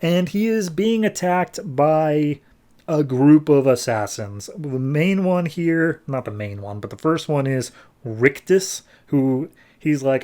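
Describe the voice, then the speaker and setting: A man's voice: a little high, expressive, takes it slowly, warm tone. A man hosting a podcast who retells a comic plot in a rambling way, full of "like". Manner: rambling, filler-heavy retelling. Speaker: podcast host. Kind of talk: casual comic book recap.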